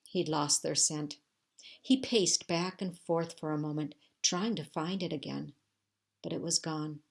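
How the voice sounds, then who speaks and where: A teacher with a notably low voice reads a chapter book aloud to her young pupils. She tells the story in a steady, measured way, pausing between phrases. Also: creaky.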